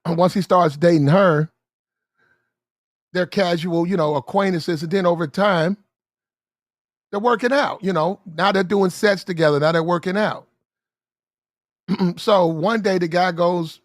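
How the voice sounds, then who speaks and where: Male storyteller with a high voice and a dry, close sound; casual and animated, acts out the people in his story. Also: measured pace, pauses often, no echo. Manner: animated, acts out the characters in the story, clears throat often.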